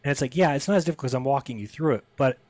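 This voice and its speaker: A man talking on a podcast at a brisk clip, casual and conversational. He jumps into the voices of the people he quotes, pitching up for their lines. The sound is dry and close. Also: no echo. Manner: animated, acts out quoted people with raised voice. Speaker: podcast guest. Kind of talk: casual storytelling interview.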